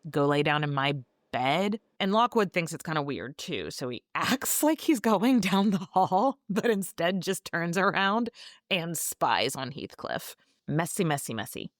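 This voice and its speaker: A woman's voice: fairly low pitch, very animated, unhurried, no echo. A woman podcast host recapping a classic novel in a breezy, gossipy, irreverent way, with swearing, on a close mic. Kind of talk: casual book recap.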